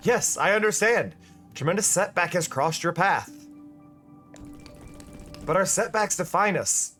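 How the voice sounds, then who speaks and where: A man voicing an earnest young warrior who speaks formally and gravely. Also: high voice, animated, unhurried, bright, forceful tone, exaggerated voice. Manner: formal and grave, speaks in lofty pep talks. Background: faint music.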